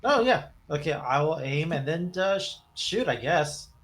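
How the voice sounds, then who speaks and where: A man's voice: fairly high pitch, expressive, measured pace, a bit bright, low-quality recording. A man playing a tabletop game, thinking his moves through aloud. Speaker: player.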